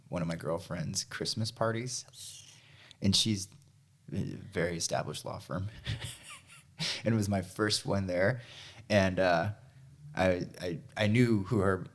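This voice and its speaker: Lower-voiced man, lively storytelling. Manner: animated storyteller, swears, does voices of others. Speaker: podcast co-host and coach. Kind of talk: casual chat.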